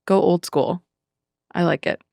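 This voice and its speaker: A woman's voice: fairly low pitch, fairly even intonation, a little slow, creaky, darkish tone, no room sound, clean studio sound. A woman guest-hosting a podcast, chatting casually with frequent "like" fillers.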